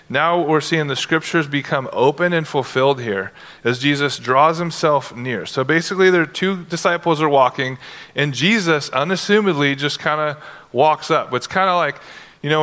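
A man's voice: mid-range voice, moderate pace, clean tone. A man preaching a conversational sermon, acting out scenes with casual modern dialogue. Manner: animated, acts out Bible scenes in casual modern talk. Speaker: pastor. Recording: long hall reverb.

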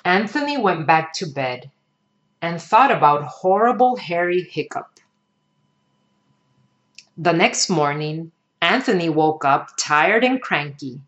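A woman reading a children's picture book aloud in an expressive storytelling manner. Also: fairly low pitch, slow, long pauses, muffled recording. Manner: expressive, sing-song storytelling.

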